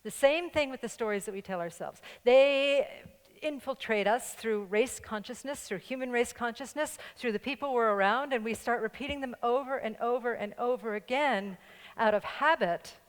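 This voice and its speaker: A woman's voice: a little high, moderate pace, clean tone. Playful older woman preaching in a reverberant hall. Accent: slight New York. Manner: playful, joking, laughing with the congregation. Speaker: pastor. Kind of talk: sermon. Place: church sanctuary with congregation. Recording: long church-hall reverb.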